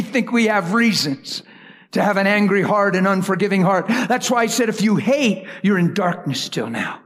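Husky preacher swinging from whisper to shout. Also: male voice, sits high, expressive, moderate pace. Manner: dramatic storytelling, whispers then shouts. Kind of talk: sermon.

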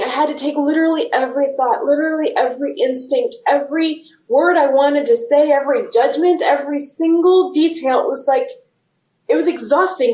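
A somewhat high-voiced woman author reads her own reflective prose and then talks openly about her faith. She sounds earnest and thoughtful, and she grows animated as she shares. The room around her is noticeably echoey. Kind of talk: reading her own writing, then casual faith sharing.

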